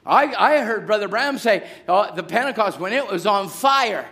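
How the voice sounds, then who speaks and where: A middle-aged pastor preaching a sermon, moving from quiet storytelling to shouted exhortation. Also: male voice, high voice, animated, moderate pace, hardly any pauses, slightly rough.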